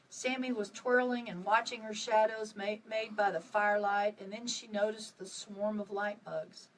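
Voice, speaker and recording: A woman's voice: mid-range voice, far from the mic, rough recording. Author reading her novel aloud, a bit off-mic. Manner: expressive reading with dramatic dips and rises. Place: at home on a live video stream.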